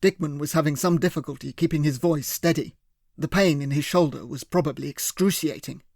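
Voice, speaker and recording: A man narrating a first-person thriller audiobook with steady, clear storytelling. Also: on the high side, brisk, no echo, studio quality.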